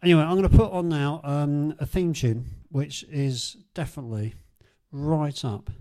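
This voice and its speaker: A man's voice: fairly high pitch, normal speed, warm tone. Chatty man presenting old records. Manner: chatty, rambling, self-correcting. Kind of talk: casual chat between records.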